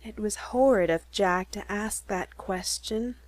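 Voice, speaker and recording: A woman narrating a first-person story slowly and clearly for English learners. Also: mid-range voice, dry recording.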